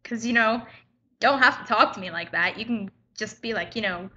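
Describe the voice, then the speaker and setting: A woman's voice: a little high, a little fast, pushed and bright, dull audio, slight background noise. A teenage girl in a casual vlog, retelling a run-in in a chatty, indignant way and acting out both sides. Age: teens. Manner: indignant, chatty retelling with quoted back-and-forth. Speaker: high school student vlogger.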